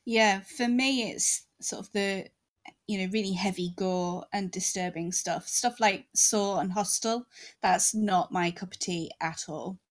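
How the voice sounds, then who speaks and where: A woman co-hosting a casual chat, relaxed and wry, laughing along with her partner. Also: medium pitch, unhurried.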